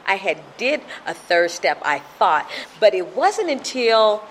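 A woman's voice: on the low side, a bit bright, a little hiss or hum. A middle-aged woman telling her recovery story at a meeting, emotional and repetitive in her storytelling.

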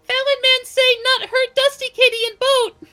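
A small shirtless kobold chirps in a piercingly high voice. It talks slowly in broken, childlike phrases, bright and thin, calling itself by name. Faint music plays under it. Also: male voice, full character voice. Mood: pleading. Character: small shirtless male kobold, timid and loyal. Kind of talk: tabletop role-play voice acting.

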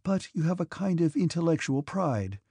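A man voicing a gentle, devout, timid young princess in an audiobook, earnest and pleading. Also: a little high, big pitch swings, normal speed, gravelly, husky, dry recording, pitched above the performer's own voice, exaggerated voice. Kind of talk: audiobook character reading.

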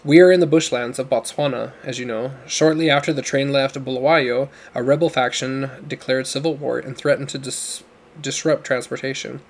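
A man voicing a gruff, commanding older father who talks in a booming, demanding way. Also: steady tone, moderate pace, natural voice. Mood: urgent, commanding.

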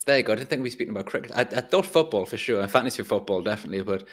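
A man with a coastal Tyneside accent from North East England chats casually on a podcast, his voice lowish, expressive, and racing. He often restarts his sentences.

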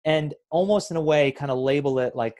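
A man in a podcast conversation, explaining mindfulness in a casual, playful way that turns soft and reflective. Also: fairly high pitch, fairly quick. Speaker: mindfulness guest.

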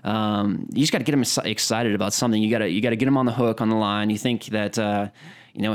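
A man's voice: lowish voice, little pitch movement, fast, creaky, clean tone. A man co-hosting a podcast, joking and swearing in loose, mock-sincere banter. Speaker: podcast co-host. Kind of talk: casual banter.

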